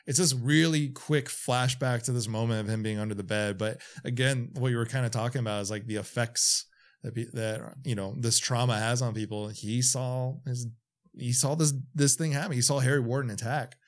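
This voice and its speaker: A man co-hosting a casual podcast, talking thoughtfully about a movie and often pausing on fillers as he looks for words. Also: mid-range voice, steady tone. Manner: thoughtful, hesitant with fillers, trails off. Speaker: podcast co-host.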